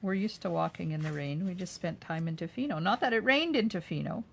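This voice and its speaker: An older woman, working as a craft video host, runs a live demo from her home craft room, chattily describing each step and answering viewers' comments. Her fairly low, creaky voice has lively intonation and a fairly quick pace, with a little hiss or hum behind it.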